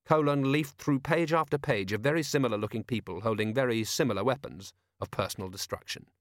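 A man narrates a comic novel in a wry, measured way. His voice sits in a middle register. The recording is dry and close, with no room sound. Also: mid-range voice, no room sound. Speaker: audiobook narrator. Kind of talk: scripted narration.

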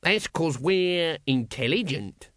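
Male reader as a gruff, sarcastic guard captain, lively mocking delivery, dry close sound. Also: a little high, takes it slowly, no echo, voice pushed up. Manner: sarcastic, growling.

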